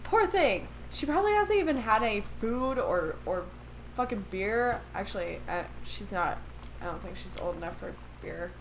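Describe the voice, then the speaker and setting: A woman's voice: medium pitch, very animated, normal speed, a little hiss or hum, rough recording. A woman doing let's play commentary on a story game, swearing a lot and ranting in exasperation. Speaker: gamer playing a story game.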